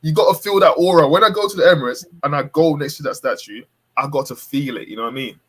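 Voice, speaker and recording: A man co-hosting a casual football podcast, relaxed and slangy, often adding "you know what I mean". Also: fairly high pitch, fast talker, slightly rough. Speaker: podcast co-host.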